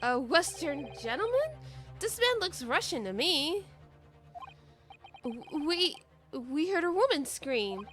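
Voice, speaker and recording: A young woman plays through a game on stream, reading the lines aloud in her own voice and cutting in with exasperated, sweary jokes. Her voice sits high and swoops expressively at an unhurried pace. Soft music plays underneath. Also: sing-song. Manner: sarcastic, swearing, exasperated asides. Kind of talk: game playthrough with commentary, reading all roles.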